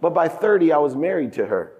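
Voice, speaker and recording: A man in his fifties giving a motivational keynote speech on a conference stage, telling a personal story with big emotional swings in pitch and loudness. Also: very animated, fairly quick. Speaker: keynote speaker. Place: large conference hall stage. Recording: echoey conference hall.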